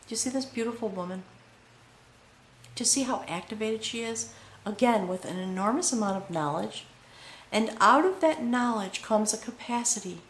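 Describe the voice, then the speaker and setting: A woman giving a spiritual tarot reading, earnest and full of pauses, often checking in with "okay?". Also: fairly high pitch, expressive, a little hiss or hum. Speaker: tarot reader. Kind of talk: spoken tarot reading to camera. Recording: echoey room with faint ambience.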